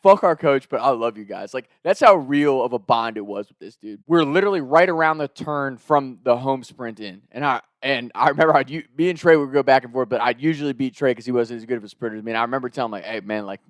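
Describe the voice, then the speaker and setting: A young man telling a story in a casual, animated, profane way, laughing as he goes. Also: mid-range voice, fast talker, hardly any pauses, dry recording, clean studio sound.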